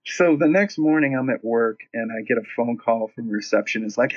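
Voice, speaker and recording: A man's voice: lowish voice, brisk, husky. A man telling a casual, profane anecdote, acting out the people in it, in a dull lo-fi recording. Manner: profane, animated storytelling with quoted voices.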